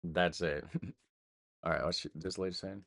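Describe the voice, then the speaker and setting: American man, very low voice, hesitant casual commentary, trails off. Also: fairly even intonation, takes it slowly, creaky, fairly bright tone, a little hiss or hum. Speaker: reaction video host.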